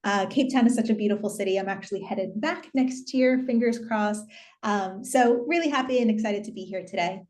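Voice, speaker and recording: A woman's voice: mid-range voice, brisk, darkish tone. A woman working as a customer education manager, introducing herself on a webinar in an upbeat, friendly way over a video call.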